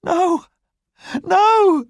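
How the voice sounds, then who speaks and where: A man's voice: very high voice, extremely slow, no room sound, clean studio sound, pitched above the performer's own voice, full character voice. A man putting on a frail dying young mother. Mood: desperate. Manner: breathless pleading, broken by coughs. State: weak and dying.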